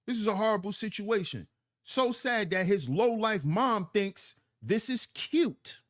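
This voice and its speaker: A man's voice: high-pitched, lively intonation, a little slow, a bit bright. A man hosting a livestream, commenting on clips and reading chat in a preachy, emphatic way that repeats lines for effect. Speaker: livestream host.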